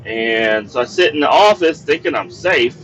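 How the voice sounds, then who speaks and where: A man's voice: mid-range voice, moderate pace, muffled recording, a little hiss or hum. A man telling a work story as a podcast host, casual and profane, acting out what people said. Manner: profane, animated storytelling, acts out quoted dialogue.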